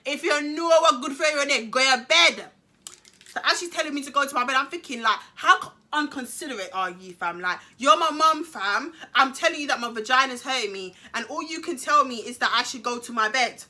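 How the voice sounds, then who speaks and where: Young woman, storytime vlogger, high and very bright, emphatic and slangy. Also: expressive, fairly quick, hardly any pauses. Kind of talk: storytime vlog.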